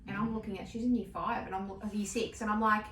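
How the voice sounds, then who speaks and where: A woman's voice: mid-range voice, steady tone, fast talker. A middle-aged woman co-hosting a casual podcast, talking in an easygoing, affectionate way with her friend. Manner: warm, affectionate, calls her friend babe. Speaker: podcast co-host. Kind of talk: casual chat. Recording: roomy, distant mic with faint background hiss.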